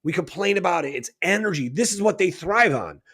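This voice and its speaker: A man's voice: high voice, animated, brisk, a bit bright, breathy edge. A man co-hosting a radio talk show, talking in an emphatic, preachy way and often tossing in "right?". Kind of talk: casual spiritual talk.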